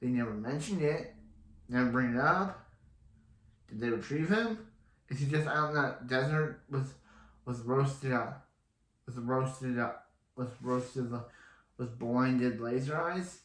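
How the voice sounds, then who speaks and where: A man's voice: mid-range voice, slow pace, long pauses, fairly bright tone, echoey room. A man casually recapping a TV episode, rambling and often restarting his sentences. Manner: rambling, repeats and restarts himself. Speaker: TV episode reviewer.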